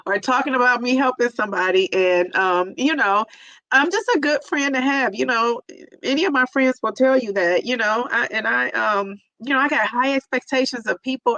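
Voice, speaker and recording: A middle-aged woman livestreams, reading the chat and talking with viewers emotionally and tearfully, using lots of fillers. Her voice is on the high side, bright, and forceful, recorded with no room sound and dull audio.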